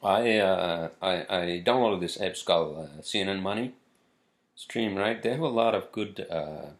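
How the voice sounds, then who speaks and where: A man hosting a casual solo show, rambling and swearing freely with plenty of halting. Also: sits low. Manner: rambling, profane, halting with fillers. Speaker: podcast host.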